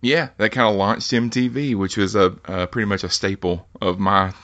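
A man with a Southern US accent hosting an interview, asking relaxed, brief questions. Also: lowish voice, moderate pace, dull audio. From Southern United States. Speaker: interview host.

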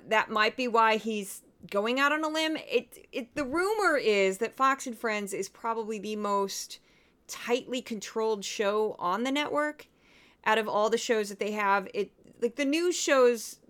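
A woman's voice: medium pitch, measured pace, fairly bright tone, clear, resonant tone. A woman from Missouri, hosting a podcast in a chatty, rambling, self-deprecating way. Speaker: podcast host. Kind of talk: casual commentary.

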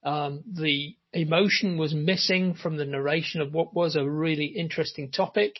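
A man's voice: fairly high pitch, steady tone, normal speed, dull audio. A man hosting a casual interview podcast, chatty and full of fillers. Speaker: podcast host.

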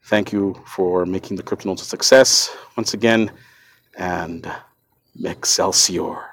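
A man's voice: deep voice, steady tone, a little slow, creaky, fairly bright tone, dry recording. A man hosting a podcast, telling a first-person story in an earnest, shaken way, often repeating and restarting his words. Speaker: podcast host.

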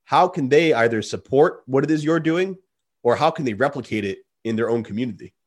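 A man hosting a podcast chats in a casual, rambling way. His voice sits at an ordinary middle pitch, and he loads his talk with fillers as he tells his stories. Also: expressive, fairly quick. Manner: rambling storytelling with many fillers. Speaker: podcast host.

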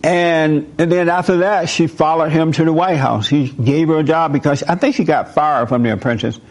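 Male host, slightly high voice, animated preachy monologue, questions the audience. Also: normal speed. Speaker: host speaking to a live audience.

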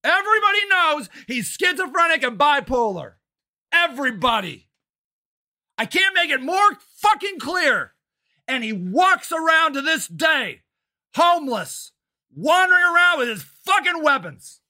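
Older guy, furious profane rant, high strained sharp tone. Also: very animated, a little slow. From Ohio, United States. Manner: profane, shouting and agitated. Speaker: city council candidate and activist. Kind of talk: angry monologue rant.

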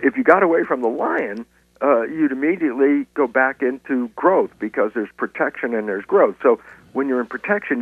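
A man speaking as a guest scientist in an interview, explaining in a lively lecturing way with stories and frequent restarts. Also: mid-range voice, breathy edge, dry recording. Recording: tinny phone-line sound.

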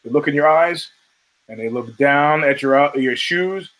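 With a slightly high voice and an even pace, an American host spins casual, profane stories and animatedly impersonates the people he quotes. The recording is rough.

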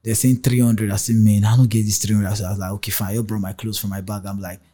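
A man's voice: on the low side, flat delivery, fast talker, few pauses, dark tone. A young Nigerian man with a Warri pidgin accent, telling stories in a casual interview, mixing pidgin and English, acting out voices and laughing often. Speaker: rapper interviewed as guest.

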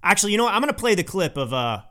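A man with a noticeably high voice hosts his own podcast. He delivers a political opinion monologue in an emphatic, indignant tone and repeats his points for stress. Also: very animated, racing, sharp tone. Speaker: podcast host.

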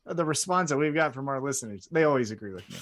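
A man's voice: mid-range voice, fast. A man co-hosting a casual wrestling podcast, joking and acting out quotes as he recaps. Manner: joking, animated, acts out quotes. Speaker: podcast co-host.

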